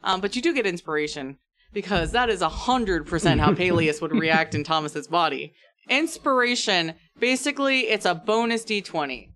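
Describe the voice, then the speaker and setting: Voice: medium pitch, expressive, normal speed, fairly bright tone. A game master running a tabletop game in a casual, playful way. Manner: casual, playful, easily amused.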